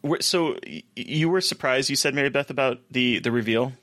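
Male co-host, mid-pitched, easygoing chatty banter. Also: fairly quick, fairly bright tone. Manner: chatty, laughs easily. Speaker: podcast co-host. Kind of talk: casual podcast chat.

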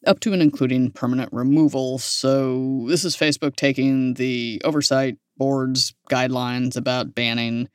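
Give me a man of ordinary pitch co-hosting a tech podcast, wry and rambling, recorded dry and close. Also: steady tone, normal speed, few pauses, clean tone, dry recording. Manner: wry, rambling news rundown with fillers. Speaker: podcast co-host. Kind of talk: casual tech news chat.

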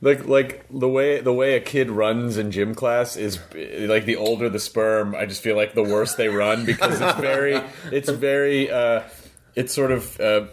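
A man's voice: medium pitch, a little slow. A man in a casual podcast conversation, riffing animatedly on jokes. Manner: animated, riffing, laughing storyteller. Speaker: podcast host. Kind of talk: casual chat.

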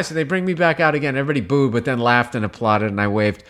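A man, a stand-up comedian, telling a long story in casual conversation, swearing freely and jumping up high in pitch when he quotes people. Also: fast. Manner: animated, profane, jumps in pitch when quoting people.

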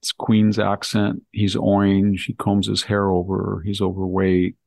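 A man's voice: on the low side, completely flat delivery, a little slow, gravelly, darkish tone, no echo. An older man hosting a casual political talk, often acting out quotes in mimicking voices. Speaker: podcast host.

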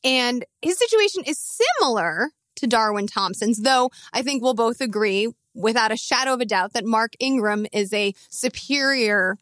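A woman's voice: fairly high pitch, expressive, normal speed, few pauses, a bit bright, dry recording, clean studio sound. Playful woman talking fantasy football. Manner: playful, teasing, breaks into laughter. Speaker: fantasy football podcast co-host. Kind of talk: casual podcast banter.

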